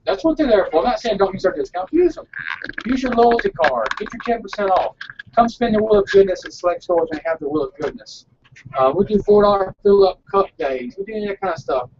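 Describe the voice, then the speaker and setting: A man's voice: high voice, wildly swooping pitch, brisk, gravelly, darkish tone, distant mic. Male shop owner, earnest rambler; dull lo-fi recording, faint background noise. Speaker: frozen yogurt shop owner. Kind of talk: casual live broadcast chat.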